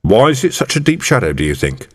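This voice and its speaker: A man doing a streetwise middle-aged police sergeant, dry and mock-official, his pitch swinging lively. The voice carries a long, roomy reverb. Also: fast talker. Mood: whispered. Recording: reverberant room.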